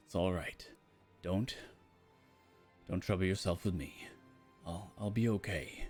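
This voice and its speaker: A man voicing a weary, wounded male wanderer who speaks quietly and haltingly. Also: low voice, steady tone, faint music behind.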